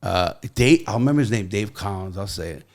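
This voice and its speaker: A middle-aged man hosting a podcast, telling stories in casual chat and jumping to loud, high quotes. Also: fairly quick. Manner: animated storyteller, jumps to loud high quoting. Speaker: podcast host.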